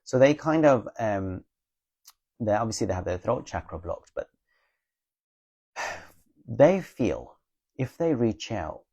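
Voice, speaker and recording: A man's voice: on the low side, big pitch swings, slow, long pauses, mellow, breathy edge, muffled recording. A man working as a spiritual teacher, answering viewers' questions in a live Q&A chat with a blunt, matter-of-fact, teasing manner.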